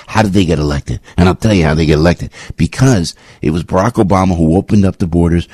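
A man's voice: sits low, mellow, husky, dry recording, studio quality. A man hosting a talk radio show, giving rambling, indignant commentary with lots of restarts.

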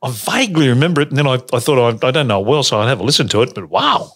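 A man of middle pitch hosting a casual radio show. He reads out a chart and chats along easily, now and then stumbling over his own words. His tone is loose and friendly. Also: sing-song, racing, fairly bright tone. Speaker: radio host.

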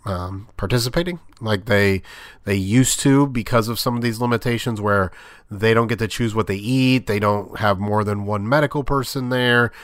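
A man's voice: on the low side, normal speed, fairly bright tone, no echo. Guy doing a casual sports talk monologue, lots of ums and uhs, dry close sound. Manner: rambling, filler-heavy, conversational. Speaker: sports podcast host.

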